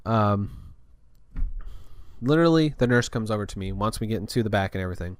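A man's voice: on the low side, expressive, brisk, no room sound, studio quality. A young man hosting his own show, rambling casually through food tips and a story about his week, swearing now and then. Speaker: podcast host.

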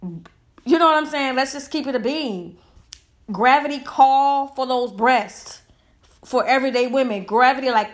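A woman's voice: sits high, measured pace. Heated woman ranting. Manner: heated, emphatic, rhetorical questions. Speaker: commentator. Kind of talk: impassioned opinion monologue.

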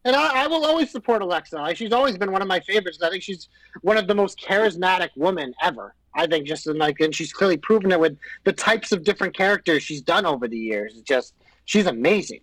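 High-pitched, profane chatty man. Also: fast, dry recording, rough recording. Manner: profane, animated opinions. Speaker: podcast co-host. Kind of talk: casual chat about pro wrestling.

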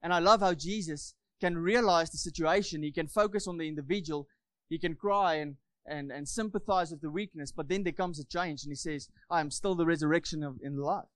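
A man preaches with fervent repetition, often calling for an amen. His voice sits high for a man. The sound is dry and close, with little room echo. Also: brisk, a bit bright. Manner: fervent, repeats phrases, asks the congregation for amens. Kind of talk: sermon.

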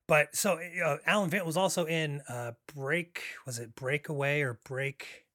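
A man hosting a podcast, talking about a film casually, rambling with many fillers and restarts and getting excited. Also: a little high, a little slow, dry recording. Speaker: podcast host.

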